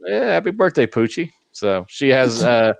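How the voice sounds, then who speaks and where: A man's voice: mid-range voice, big pitch swings, normal speed, creaky, dry recording. Easygoing middle-aged male podcast host. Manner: joking, easygoing storyteller. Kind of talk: casual podcast chat.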